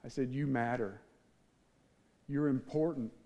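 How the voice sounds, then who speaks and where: Here the Midwestern speaker sounds mellow and mid-range, going a little slow. He is on stage giving a sincere testimony, recounting his story with emotion and acting out quoted voices for the audience.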